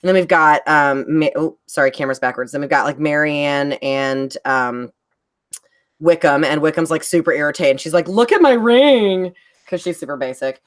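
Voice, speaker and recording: Chatty woman with a lowish voice. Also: fairly even intonation, moderate pace. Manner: chatty, rambling, many fillers. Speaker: guest, bag designer. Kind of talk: casual chat.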